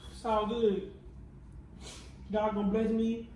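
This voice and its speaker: A woman's voice: fairly high pitch, level tone, takes it slowly, warm tone, slight background noise, rough recording. Tearful woman vlogger testifying. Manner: repetitive, prayerful, testifying. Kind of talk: emotional confessional vlog.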